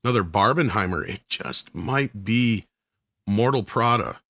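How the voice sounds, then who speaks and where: A man co-hosting a casual livestream chat, joking and trading quick asides. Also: on the low side, lively intonation, sharp tone. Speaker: co-host.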